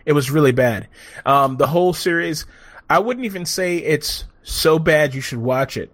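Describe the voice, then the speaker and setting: A man's voice: mid-range voice, lively intonation, moderate pace, no room sound, studio quality. A man casually griping about a bad comedy film, rambling and swearing, acting out scenes in quoted voices. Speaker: movie reviewer. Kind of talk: casual profane chat.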